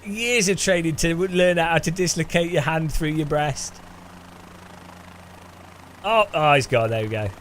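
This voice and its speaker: A man's voice: a little high, unhurried, pauses often, fairly bright tone, slight background noise. A man hosting a gaming channel, chatting casually through his gameplay with cheeky jokes and frequent giggles. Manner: giggly, laughing often between remarks; cheeky, joking banter.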